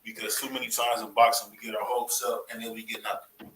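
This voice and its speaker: An animated man from Cleveland hosts a casual boxing chat with a bright, forceful voice. He laughs often and repeats his points for emphasis. A faint hiss sits under the recording. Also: on the low side, fast talker, reverberant, low-quality recording. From Cleveland, USA. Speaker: podcast host.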